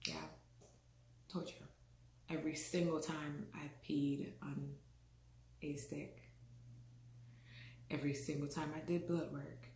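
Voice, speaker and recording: A Caribbean woman vlogger tells her own story candidly and expressively, often laughing and acting out what people said. Her low, slightly mellow voice moves little in pitch, and she speaks slowly with frequent pauses. The room is echoey, with a bit of hiss or hum.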